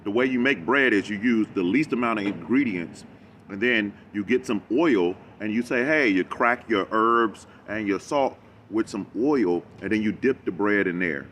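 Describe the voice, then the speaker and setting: A man giving a rambling, animated reaction commentary, talking back at a video he is watching. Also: lowish voice, normal speed, slight background noise. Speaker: reaction vlogger.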